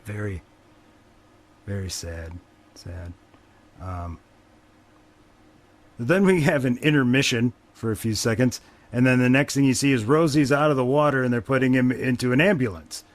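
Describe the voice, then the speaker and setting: Here the podcast host talks fairly quickly in a mid-range voice, summarizing a movie's story in a loose, wry way. He curses often and leans on fillers as he rambles.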